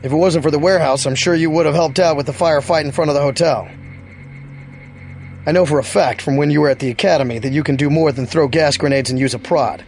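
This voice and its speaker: Male actor as a supportive agent buddy, fairly high voice, easygoing; game character. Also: fast, darkish tone, soft background music, close to an everyday voice. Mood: reassuring. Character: friendly male fellow agent, reassuring.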